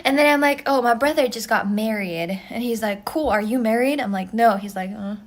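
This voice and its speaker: A woman's voice: a little high, fairly quick. A young woman from Russia telling a rambling story in casual chat, laughing often and swearing. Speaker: streamer.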